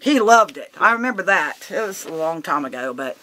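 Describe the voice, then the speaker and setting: A woman guest in an interview, telling a story in a heated, emphatic way, swearing and loudly acting out what she said. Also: fairly low pitch, animated, brisk. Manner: laughs between lines.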